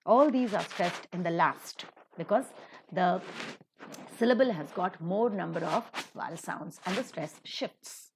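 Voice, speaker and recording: A woman gives a recorded lesson on English word stress. Her voice rises and falls a great deal as she drills example words slowly and with care. She speaks like a teacher walking students through the rules. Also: medium pitch, lively intonation, a little mellow, husky. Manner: slow, deliberate modelling of example words.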